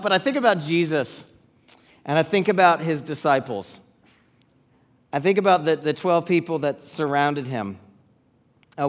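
A man preaching a sermon to parents, repeating key words for emphasis and letting phrases trail off softly. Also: a little high.

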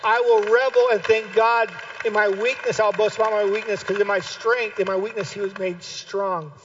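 A man with a notably high voice preaches a sermon. He drives home his points by repeating phrases and swells into shouted calls to his listeners. The recording sounds dull and lo-fi. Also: fairly even intonation, normal speed, a little hiss or hum. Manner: impassioned, builds to shouted exhortation; repeats key phrases for emphasis. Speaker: pastor.

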